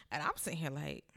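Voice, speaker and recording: A woman's voice: low-pitched, gravelly, a bit bright. A woman in her twenties, a guest telling a candid story in casual chat, laughing often. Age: 20s.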